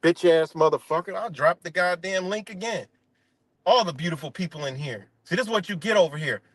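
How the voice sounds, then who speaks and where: A man with a high voice hosts his livestream in a heated, profane rant, mocking and cursing at someone. The sound is dry and close, with no room around it. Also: a little fast, no room sound. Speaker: livestream host.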